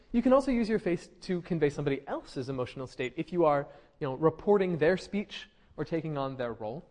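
A man's voice: high-pitched, a little mellow. A man giving a classroom lecture, conversational, with frequent fillers and restarts, asking the class questions. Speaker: university lecturer.

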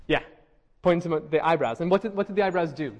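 A man's voice: a little high, quick pace, darkish tone. A man teaching a linguistics class, explaining step by step and often checking in with his students. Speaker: linguistics lecturer. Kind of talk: classroom lecture.

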